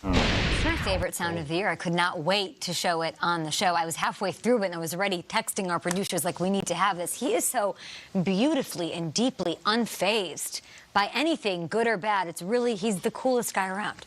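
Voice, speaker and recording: A woman's voice: lowish voice, brisk, a little hiss or hum. Enthusiastic woman co-hosting a morning show. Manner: enthusiastic, admiring. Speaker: co-host.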